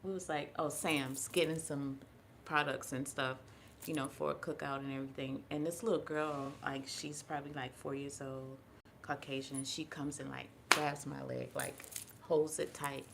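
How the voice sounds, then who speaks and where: A woman's voice: very deep voice, little pitch movement, normal speed, vocal fry, noisy background. A woman guest on a podcast, telling personal stories in casual conversation and acting out the people in them. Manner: earnest storyteller, acts out quoted voices. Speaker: podcast guest, holistic health practitioner.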